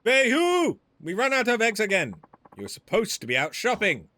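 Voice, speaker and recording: A man voicing a brisk, bossy woman shopkeeper in a video game, speaking clipped, broken English in a put-on Chinese accent. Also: sits high, wildly swooping pitch, pushed and bright, pitched above the performer's own voice, full character voice. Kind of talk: reading game dialogue aloud.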